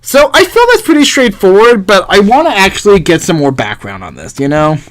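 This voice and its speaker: A man giving loose, casual gaming commentary. His voice sits high and moves a lot, and he laughs easily and swears casually as he plays. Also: very animated, a little fast. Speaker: let's play gamer.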